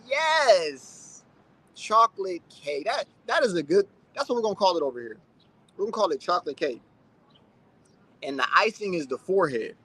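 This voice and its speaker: High, bright-voiced man in his thirties. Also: husky. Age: 30s. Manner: loose and chatty, full of "like" and "man". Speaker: channel host. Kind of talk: casual livestream chat reading comments.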